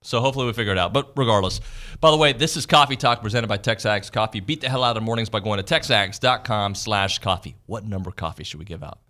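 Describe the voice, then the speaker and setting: Fast-talking bright male radio host. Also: lowish voice. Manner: fast, joking, animated delivery. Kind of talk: casual sports radio banter. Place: radio studio.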